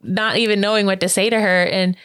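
A woman telling a personal story in casual chat, animated, full of fillers, acting out quoted voices with big pitch jumps. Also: fairly quick, no room sound, clean studio sound. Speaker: interview guest.

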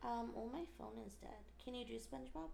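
A woman's voice: a little high, brisk, vocal fry, warm tone, slight background noise. A young woman in casual chat, eagerly prodding with questions and giggling.

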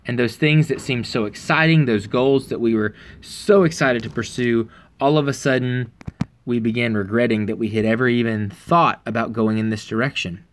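A man preaching in a relaxed, earnest, conversational way, telling a personal story with frequent pauses and fillers. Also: mid-range voice.

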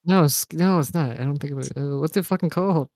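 Young man, podcast co-host, mellow tone, dry sound, casual joking chat. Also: a little high, fast, dry recording. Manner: joking, swears, laughs a lot.

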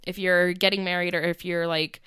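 A young woman chatting casually as a podcast co-host, her voice smooth and resonant. The sound is close and dry with no room around it. She rambles warmly through fillers and laughs often. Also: fairly low pitch, little pitch movement, brisk, dry recording. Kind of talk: casual chat.

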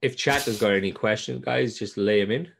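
Low-voiced man telling stories and swearing freely. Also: a little fast, creaky, slight background noise. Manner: animated storytelling, swears freely. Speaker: podcast co-host. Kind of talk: casual chat.

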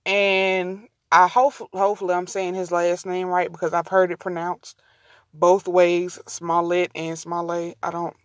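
A woman's voice: on the low side, level tone, a little slow, no room sound, clean studio sound. A woman hosting a casual solo podcast, rambling and easily distracted, talking to her listeners as y'all. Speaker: podcast host.

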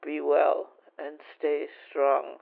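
An actor playing a secretive male caller who gives orders over a phone line, speaking in a slow, measured way. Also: on the high side, completely flat delivery, creaky, exaggerated voice. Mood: grave.

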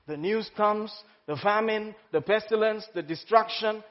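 A pastor preaching an exuberant, laughing sermon in a large church hall. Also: male voice, high voice, unhurried. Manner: exuberant, laughing, exclaims hallelujah. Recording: muffled sound, long hall reverb.

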